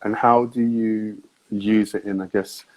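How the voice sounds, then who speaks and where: A man with a British accent interviewing a guest, asking unhurried questions and giving frequent short affirmations. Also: fairly low pitch, level tone, muffled recording. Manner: soft-spoken, many backchannels, unhurried questions. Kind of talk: interview conversation.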